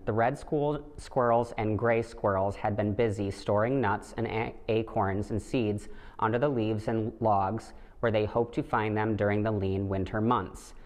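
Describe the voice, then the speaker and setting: Deep-voiced man reading a picture book. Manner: gentle, steady storytelling with light voices for the animals. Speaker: storybook reader. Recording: long hall reverb.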